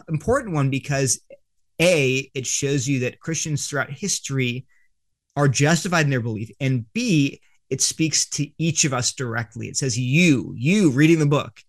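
A man, an author and guest, earnestly explaining an argument in an interview, often restarting his sentences. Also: medium pitch.

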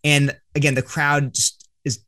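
A man's voice: on the high side, little pitch movement, a little slow, pushed and bright. A man, an author and guest, earnestly explaining an argument in an interview, often restarting his sentences.

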